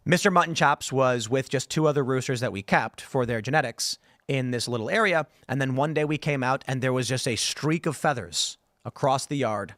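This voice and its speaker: A man hosting a casual panel talk show, telling stories in an animated way and reading viewer comments aloud. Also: medium pitch, fairly quick, hardly any pauses, no room sound, clean studio sound. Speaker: show host.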